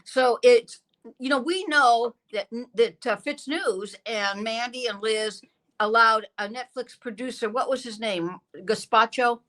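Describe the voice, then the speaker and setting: A woman interviewer with a bright, forceful tone and a fairly high pitch. She presses her points with repeated phrases and questions. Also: measured pace, rough recording. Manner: emphatic, repetitive, pressing questions. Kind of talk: conversational interview.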